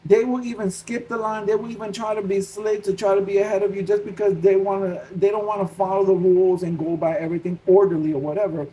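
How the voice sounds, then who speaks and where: A man with a New York accent tells a story to his viewers, animated and full of restarts as he replays his own worried thoughts. His voice sits high for a man, with a mellow, soft-edged tone. Faint noise hangs under the recording. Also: fast talker, few pauses, muffled recording. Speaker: Christian vlogger. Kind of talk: casual personal storytelling.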